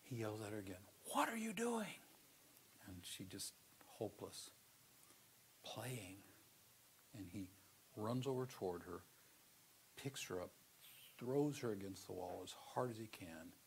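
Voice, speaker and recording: Middle-aged male seminary lecturer, slightly low voice, earnest storyteller with sudden loud emphasis. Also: unhurried, vocal fry, long pauses, a little hiss or hum. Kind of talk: classroom theology lecture with personal storytelling.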